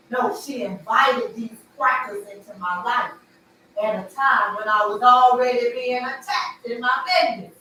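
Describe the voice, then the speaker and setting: A woman chatting on a casual livestream, animated and teasing, jumping between loud outbursts and low murmurs. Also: measured pace, a little hiss or hum. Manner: flirtatious, teasing. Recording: echoey room, far from the mic.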